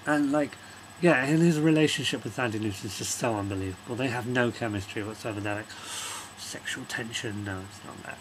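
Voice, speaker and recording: A man rants through a film review in a loose, rambling way, swearing freely as his exasperation builds. His voice sits at a mid pitch, and faint background noise runs beneath him. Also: fast talker. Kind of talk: casual rant-style film review.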